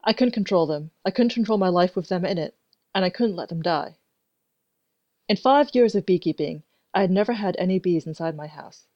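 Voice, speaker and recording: A woman narrating a first-person story in an even, measured way. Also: lowish voice, no room sound. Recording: dry, dull lo-fi recording.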